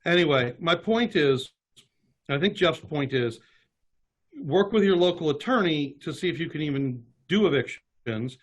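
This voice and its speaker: Host type, man, conversational webinar delivery, slightly high voice. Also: expressive, moderate pace. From Kentucky. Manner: reads legal text aloud with asides. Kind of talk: casual webinar talk.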